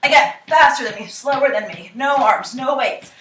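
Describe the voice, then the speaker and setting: Her voice is high, expressive, and a bit bright at a moderate pace. The young woman is a fitness instructor running a cardio workout and doing it with everyone, a touch winded as she motivates and counts down reps, recorded in an echoey room by a far-off camera mic.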